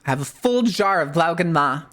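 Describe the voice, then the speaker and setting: Vtuber lady yapping on stream, lowish voice but bouncing all over, cusses a lot, rambles. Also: normal speed. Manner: rambling, animated, swears freely, many "like" fillers. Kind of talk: casual live-stream chat.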